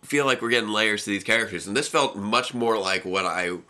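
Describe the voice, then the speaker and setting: Reviewing episodes as a co-host, this young man talks in a loose, rambling way, often restarting his sentences and laughing. He speaks a little fast, with a sharp tone on the low side.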